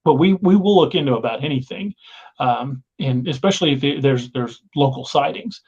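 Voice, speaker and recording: A man tells stories about the woods in a loose, rambling way, restarting and repeating himself. His voice sits at an average pitch. The recording is dull and lo-fi. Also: animated, normal speed, darkish tone, slightly rough. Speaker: guest. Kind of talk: casual storytelling. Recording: dull lo-fi sound.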